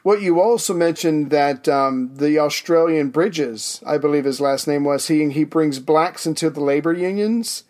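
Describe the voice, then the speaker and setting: A man co-hosting a history podcast, asking questions and adding comments in a relaxed conversational way. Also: a little high, unhurried, few pauses. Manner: conversational, prompting questions and frequent backchannels. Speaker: podcast co-host. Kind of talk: casual history podcast chat.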